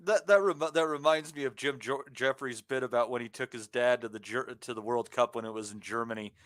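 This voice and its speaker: A man's voice: mid-range voice, fairly quick, fairly bright tone, no room sound. Dry-voiced man, casual podcast host. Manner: loose, profane, hesitant with fillers. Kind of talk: casual chat.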